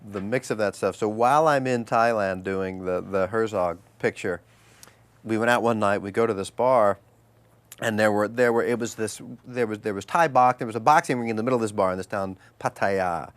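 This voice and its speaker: A man, an actor and guest, telling animated anecdotes and acting out the people in them with loud, high voices. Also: normal speed, no echo.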